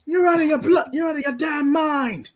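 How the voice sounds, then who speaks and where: A brash British antihero yells in defiance, voiced by a man in a put-on British accent. The voice is pushed high and loud, raw with anger. It sounds like a comic-book tough guy spitting threats. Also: fairly quick. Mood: furious. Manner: shouting.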